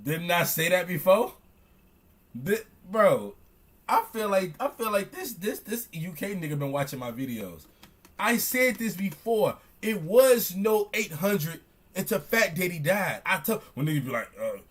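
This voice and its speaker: A young man, reacting on stream in loud, excitable, slangy commentary that keeps repeating itself. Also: high voice, unhurried, husky. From Chicago. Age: young adult.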